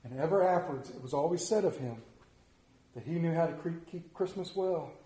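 A man's voice: on the high side, lively intonation, fairly quick, dark tone, echoey room, low-quality recording. A male pastor reading a story aloud in church, then leading prayer in an earnest, rhythmic preaching cadence.

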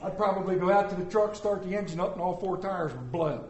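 A man preaching a sermon as pastor, folksy and animated, joking with the congregation. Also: sits high, fast, a little hiss or hum. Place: church sanctuary. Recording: echoey church room.

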